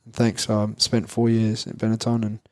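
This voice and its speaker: Australian man, twenties, rambly interview guest; low and monotone, dry studio sound. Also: moderate pace, no echo. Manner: rambling, frequent fillers and restarts. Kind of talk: casual interview chat.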